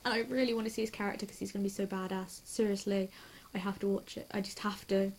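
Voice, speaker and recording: A young woman chatting casually and excitedly about a TV episode, giggly and hyper, gushing and rambling from scene to scene. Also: mid-range voice, slight background noise. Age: young adult. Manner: hyper, giggly and quick to gush. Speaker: TV reaction vlogger. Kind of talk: casual rambling reaction chat.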